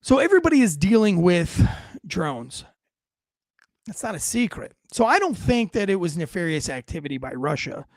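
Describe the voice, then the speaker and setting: A man's voice: sits high, sing-song, moderate pace, no echo, clean studio sound. A man hosting an online news commentary show, talking in a brash, conversational way with crude slang and asides. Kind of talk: casual political commentary.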